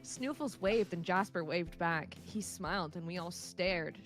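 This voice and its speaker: A woman's voice: on the low side, unhurried, loud music behind the voice. A young woman streamer reading bad fanfiction aloud, laughing and swearing as she comments. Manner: laughs through lines, exclaims and swears. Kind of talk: comedic read-aloud with commentary.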